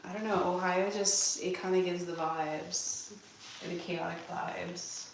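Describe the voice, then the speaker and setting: A woman's voice: on the low side, fairly even intonation, slow pace, a little hiss or hum. Chatty young woman with a Californian accent, casual rambling vlog talk; mic set far off, roomy bathroom echo. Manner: rambling, chatty, answers viewer questions aloud. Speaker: vlogger. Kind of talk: casual chat while cleaning. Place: bathroom at home. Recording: echoey bathroom, voice from afar.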